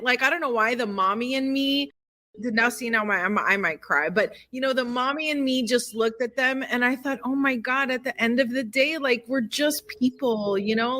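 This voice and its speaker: A woman's voice: high voice, a bit bright. A middle-aged woman co-hosting a podcast in casual chat, emotional and talkative, full of fillers like "like" and "you know". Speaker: podcast co-host.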